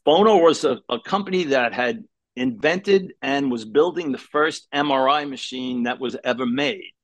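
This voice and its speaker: A man's voice: mid-range voice, moderate pace, dry recording. Middle-aged man telling a story. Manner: relaxed, conversational, with fillers and self-corrections. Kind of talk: casual storytelling.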